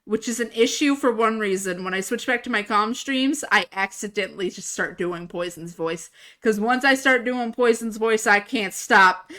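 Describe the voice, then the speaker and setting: A woman's voice: medium pitch, moderate pace, few pauses, fairly bright tone. A young woman streamer chatting casually into a desk mic, rambling and swearing freely. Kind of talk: casual live-stream chat. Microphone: desk microphone.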